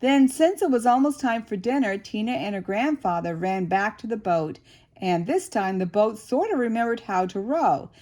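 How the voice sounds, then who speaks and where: An older woman reading a picture book aloud to a child, expressive and slow, with chatty asides. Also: mid-range voice. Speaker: storyteller grandmother.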